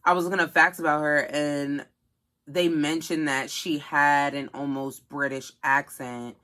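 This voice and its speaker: Bright-voiced chatty woman co-host. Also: low-pitched, flat delivery, a little slow. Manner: chatty, full of fillers like "kinda". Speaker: podcast co-host. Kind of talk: casual chat.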